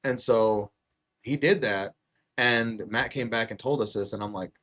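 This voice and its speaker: A man's voice: mid-range voice, a little slow. A man hosting a podcast, telling a wild story in casual chat, swearing a lot and acting out what people said. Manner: animated storyteller, heavy swearing, acts out quotes loudly. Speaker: podcast host.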